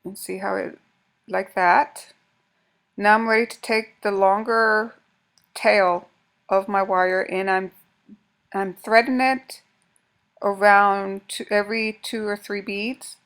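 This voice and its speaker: A woman's voice: medium pitch, fairly even intonation, slow pace, long pauses, a bit bright. A woman with a mid-range voice walks through a craft project step by step. She talks casually while working with her hands, often breaking off and restarting her sentences. Her delivery is informal and practical, like a home tutorial.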